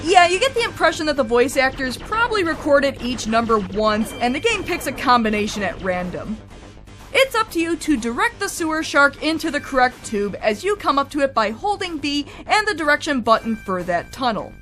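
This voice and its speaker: A woman narrates a game review with a high, bright voice. Her delivery is wry, chatty and full of swings in pitch, with faint music under her. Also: big pitch swings, brisk.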